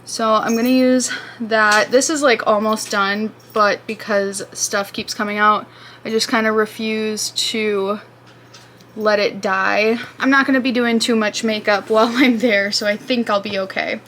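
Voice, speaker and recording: Doing her makeup at home in an apartment room, a woman in her twenties talks through a relaxed get-ready-with-me session. Her medium-pitched, fairly bright voice stays fairly even and unhurried as she rambles and starts sentences over, with a little background noise behind her.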